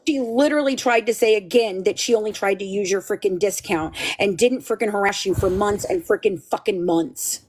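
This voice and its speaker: A woman's voice: mid-range voice, fairly quick, hardly any pauses. A woman hosting a live stream who speaks in an agitated, swearing way, her voice tight with anger. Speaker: livestream host. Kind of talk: live-stream talk to chat.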